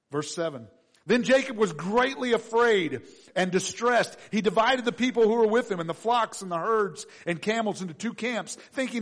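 A pastor preaching a conversational storytelling sermon, animated and asking the audience questions. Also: male voice, high voice, unhurried.

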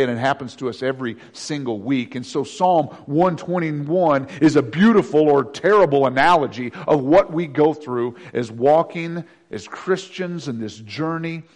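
High-voiced man preaching a sermon. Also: in a large hall. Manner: swings from loud to hushed, acts out voices. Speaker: pastor.

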